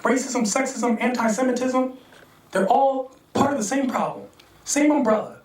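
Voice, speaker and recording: An American man performing a stand-up comedy set, animated, acting out characters in sudden high voices and laughing at his own jokes. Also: normal speed. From United States. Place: comedy venue stage. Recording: roomy distant stage mic.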